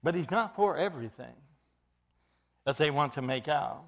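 A man's voice: on the high side, expressive, normal speed, a bit bright. A man preaching an expository sermon as pastor, earnest and emphatic, often repeating and restarting his phrases.

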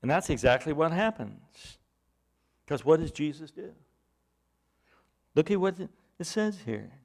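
A man preaching a sermon, reading out scripture and breaking into loud, emphatic bursts as he explains it. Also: on the high side, a little slow, vocal fry. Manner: animated Bible exposition, rising to loud emphatic bursts.

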